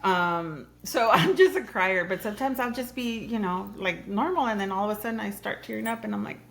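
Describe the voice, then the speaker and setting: A woman's voice: medium pitch, brisk, vocal fry. A woman hosting a podcast, talking frankly in casual chat and laughing often as she tells stories. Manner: frank, laughing, animated storytelling. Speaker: podcast host.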